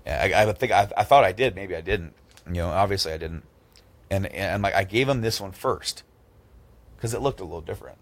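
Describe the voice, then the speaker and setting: Animated low-voiced man telling stories. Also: a little fast. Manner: animated, acts out both sides of his stories with raised voices. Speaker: podcast host. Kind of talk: casual storytelling chat.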